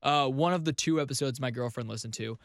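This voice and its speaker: A young man co-hosting a comedy podcast, talking in a fast, rambling, self-deprecating way. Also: mid-range voice, no room sound, clean studio sound. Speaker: podcast co-host. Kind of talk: casual comedic podcast banter.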